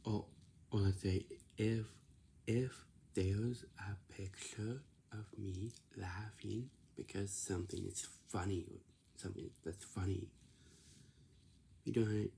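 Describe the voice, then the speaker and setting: A man slowly explaining everyday manners, repeating himself and checking in with "right?" then answering "yeah". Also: lowish voice, steady tone, gravelly, warm tone, slight background noise. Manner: slow, repetitive, asks "right?" and answers "yeah". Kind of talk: casual explanatory talk.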